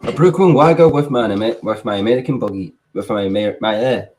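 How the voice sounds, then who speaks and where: A man joining a casual podcast chat with relaxed, brief comments. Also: medium pitch, fast talker, a little hiss or hum.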